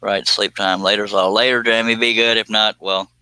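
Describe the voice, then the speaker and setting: A man's voice: lowish voice, level tone, normal speed, noisy background. A man chatting casually and jokingly with viewers while he works on a woodworking live stream. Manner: folksy, joking, self-deprecating.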